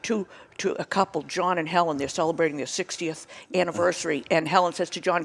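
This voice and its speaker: A woman comedian with a Boston accent, telling jokes in casual chat with lively, laughing delivery. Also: deep voice, quick pace, vocal fry, breathy edge. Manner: animated storyteller, laughing often. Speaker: guest comedian.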